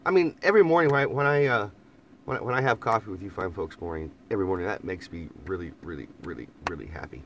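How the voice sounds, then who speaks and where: A man's voice: low voice, expressive, fast, a bit bright, a little hiss or hum. A man in a casual, rambling live chat from inside a camper van, laughing often and repeating phrases. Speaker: vlogger reading live chat.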